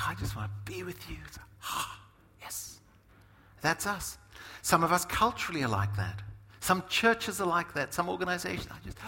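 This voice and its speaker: A middle-aged man preaching a sermon in a conversational, animated way, often asking "right?". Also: sits high, big-room sound. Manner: animated, conversational, many asides and tag questions. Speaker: pastor.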